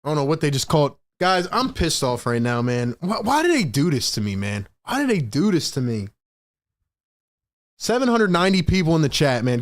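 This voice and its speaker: A young man hosting a fan live stream, calling the game play by play with excitable, frustrated energy and talking to his chat. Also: on the high side. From Philadelphia area.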